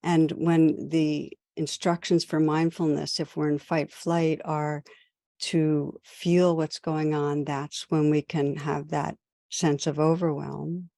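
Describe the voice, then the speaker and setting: A woman meditation teacher and podcast host giving a recorded talk in gentle, measured short phrases with pauses. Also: sits low, flat delivery, creaky, no echo, clean studio sound.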